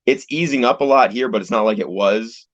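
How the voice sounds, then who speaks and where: A young Canadian pro wrestler, medium-pitched and talking a little fast, chats casually as an interview guest. He rambles in a relaxed way and swears casually, heard over a video call with dull, dry lo-fi audio and no echo.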